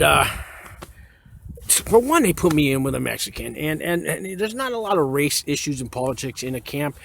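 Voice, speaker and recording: A man's voice: on the high side, vocal fry, slight background noise. A man who served time in prison, casually telling his story to camera in a frank, rambling way, with many fillers and restarts. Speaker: former inmate giving prison advice.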